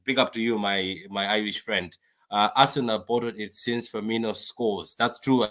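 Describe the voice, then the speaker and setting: Bright-voiced excitable man hosting a stream. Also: on the low side, normal speed. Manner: excitable, repetitive, reads viewer comments aloud. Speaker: fan channel host. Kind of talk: live-stream match reaction chat.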